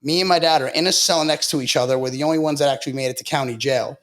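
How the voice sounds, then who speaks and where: A man's voice: fairly high pitch, racing. A man from Long Island, a podcast guest, telling his story in a blunt, profane, casual way and saying "bro" a lot. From Long Island, New York.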